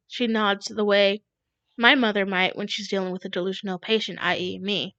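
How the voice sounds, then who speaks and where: A woman reading a novel aloud in first person, with unhurried narration in a dull lo-fi recording. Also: medium pitch, fairly even intonation, fairly bright tone, dry recording. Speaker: audiobook reader.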